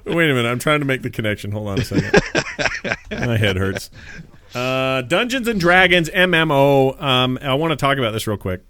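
A man's voice: medium pitch, expressive, a little fast, sharp tone, no echo. Jokey podcast host guy, swoopy voice, dry mic. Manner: jokey, laughs often. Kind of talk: casual chat.

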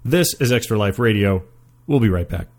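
A man's voice: lowish voice, lively intonation, moderate pace, faint music behind. A man hosting a casual gaming podcast, chatty and rambling with frequent fillers. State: stuffed up after a sneeze. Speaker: podcast host.

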